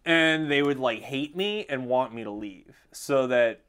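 A man's voice: mid-range voice, unhurried, smooth. Joking male podcast host. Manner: joking, deadpan self-mocking. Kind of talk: casual podcast chat. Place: studio.

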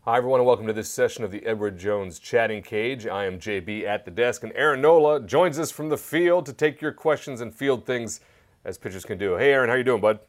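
A man hosting a live fan question show, energetic and hyping up the audience. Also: mid-range voice, fairly quick, faint music behind. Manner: energetic, hypes fans up. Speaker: host.

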